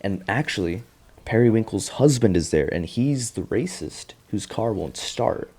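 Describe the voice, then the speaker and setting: A man's voice: fairly low pitch, expressive, measured pace, a little mellow, husky. A man hosting a podcast, recapping a TV show in a casual, profane, joking way. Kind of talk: casual chat.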